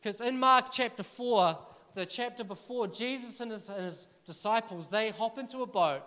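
A man preaching a sermon to a church congregation, energetic and urging the crowd to respond. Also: high voice, moderate pace. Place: church hall. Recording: long reverb of a large hall.

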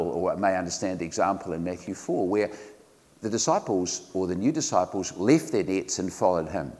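A man, a pastor preaching in an earnest, conversational way, often pausing on fillers and restarting phrases. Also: fairly low pitch, big-room sound. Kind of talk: sermon. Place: church.

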